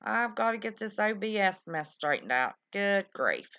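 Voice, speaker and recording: Here a live-stream host talks casually with her callers and viewers in a warm, down-home way. She speaks at a moderate pace in an expressive, medium-pitched voice with a sharp edge. There's no room sound, though the lo-fi stream audio is dull.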